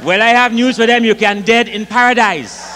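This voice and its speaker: A Grenadian man doing comic storytelling onstage at a live concert, lively and rich in dialect, acting out the voices in his tales. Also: very high-pitched, normal speed, noisy background. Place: concert hall with audience. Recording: live concert hall reverb, faint ambience.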